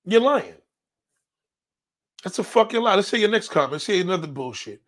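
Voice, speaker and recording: A man's voice: high voice, big pitch swings, fairly quick, fairly bright tone. A man hosting a show, reading viewer comments and answering them in a blunt, confrontational rant full of swearing. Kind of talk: profane ranting commentary.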